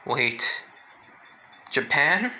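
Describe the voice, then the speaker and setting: A man voicing an emotional, easily shocked teenage girl in a read-aloud fan story, with halting delivery and restarts. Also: mid-range voice, level tone, gravelly, bright, forceful tone, a little hiss or hum, full character voice, poor audio. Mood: worried.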